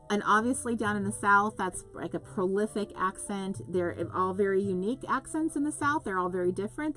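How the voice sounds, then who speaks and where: A West Coast American woman with a lowish voice hosts a live craft stream. She chats casually, reading viewer comments aloud in a rambling, gushing manner.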